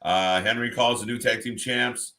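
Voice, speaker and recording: A man's voice: medium pitch, fairly even intonation, normal speed, sharp tone. A Canadian man co-hosting a live watch party, rambling in casual chat and reading comments aloud.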